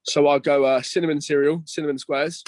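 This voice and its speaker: A man's voice: a little high, fairly even intonation, brisk. A young man chatting casually as a podcast guest, slangy and swearing, calling everyone "mate" and "bro".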